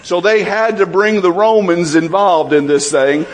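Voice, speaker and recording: A man's voice: high-pitched, steady tone, measured pace. A man preaching a sermon in a conversational way, asking the congregation questions and acting out voices from the Bible.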